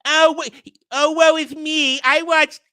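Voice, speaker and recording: A man's voice: flat delivery, takes it slowly, pushed and bright, no echo, studio quality, exaggerated voice. A man mimicking a whiny self-pitying guy. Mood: mocking whine. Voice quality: high-pitched, wailing. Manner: mocking, exaggerated whining.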